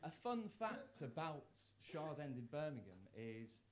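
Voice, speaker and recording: A young man from the doing a live stand-up set in a comedy club, self-mocking, with stammered restarts and sudden loud punchlines. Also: a little high, very animated, a little slow, noisy background. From Worcester, England.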